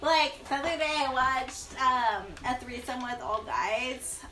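A woman's voice: high voice, slow pace, pushed and bright. Blunt, crude woman in an echoey room. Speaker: podcast guest. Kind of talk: casual chat. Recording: echoey room with music playing.

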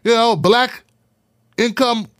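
A man hosting a live podcast, talking in an animated, preachy way and repeating phrases for emphasis. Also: very high-pitched, takes it slowly, no echo, studio quality. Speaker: podcast host. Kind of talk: live-streamed podcast talk.

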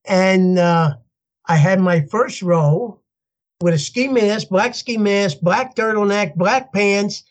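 An older man, a podcast guest telling his story in an animated way and laughing as he goes. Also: sits high, takes it slowly. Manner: animated, laughs as he tells stories, acts out voices in quotes. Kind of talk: storytelling interview.

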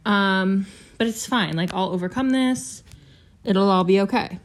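A woman's voice: medium pitch, unhurried. Chatty, swearing teenage girl. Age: teens. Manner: chatty, swears often, lots of fillers. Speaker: podcast host. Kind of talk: casual solo chat.

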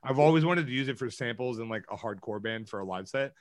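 A man co-hosting a podcast in casual chat, excitable and jokey, swearing freely. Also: medium pitch, fast. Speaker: podcast co-host.

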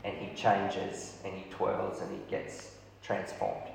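A man preaching a storytelling sermon, lively, acting out the dialogue of the people in his story. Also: deep voice, takes it slowly, gravelly, a little hiss or hum. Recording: echoey hall, heavy reverb.

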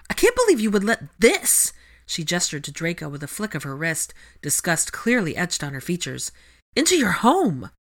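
A woman's voice: sits low, pushed and bright. A woman voicing an angry, grieving teenage witch girl who accuses someone with a breaking voice.

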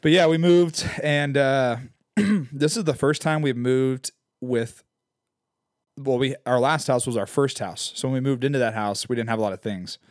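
A man in his late twenties co-hosting a casual podcast, relaxed and rambling, chuckling now and then. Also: mid-range voice, normal speed, dry recording, studio quality. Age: 20s. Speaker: podcast co-host.

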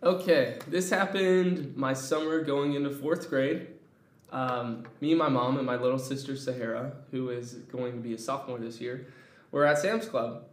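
Young guy telling a goofy story from when he was a kid, laughy and lively, kinda echoey room. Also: medium pitch, moderate pace. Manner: animated, laughs while telling. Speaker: storyteller guest. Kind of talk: casual comedic storytelling.

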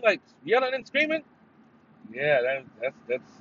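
A man with a fairly high, bright, forceful voice hosts a casual solo podcast at a measured pace, his pitch swinging hugely. He rambles, curses, and lets out sudden emphatic bursts, all captured on a headphones mic in dull lo-fi sound with faint noise.

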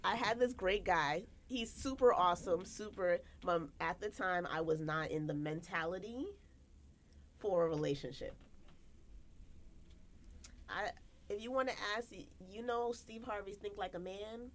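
At a measured pace, with a little hiss or hum in the audio, a young American podcast co-host recounts stories casually, bringing quotes to life through dramatic swings in her voice.

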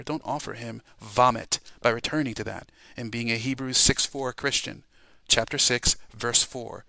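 A man delivers a fiery warning sermon with a gravelly, bright-edged voice. He exhorts and repeats, urging listeners to pray and repent. The sound is dry and close. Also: medium pitch, no room sound. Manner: urgent, repetitive, exhorting. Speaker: preacher. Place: home, podcast voice message.

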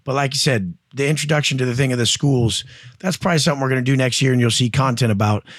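Fast and mid-range, this man's voice comes through in echo-free studio quality. He appears as a guest entrepreneur and coach, swapping blunt, profane stories in casual interview style and doing voices for the people he mentions.

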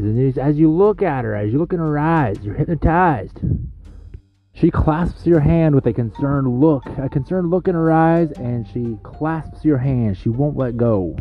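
A man hosting a comedic podcast monologue, rambling between hushed spooky storytelling and yelling rants. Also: mid-range voice, phone-quality sound. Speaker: podcast host.

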